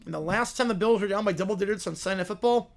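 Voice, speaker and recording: A man's voice: high-pitched, gravelly. A man hosting a live stream, calling football play-by-play and answering viewer questions between plays. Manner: rises and slows into excited calls on big plays, drops to quiet asides answering chat.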